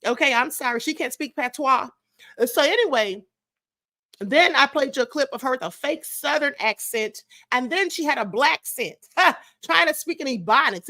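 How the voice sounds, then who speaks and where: A woman's voice: high-pitched, bright, forceful tone, no echo, studio quality. A woman hosting a live stream, giving sassy, scolding commentary straight to her viewers. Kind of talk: casual commentary.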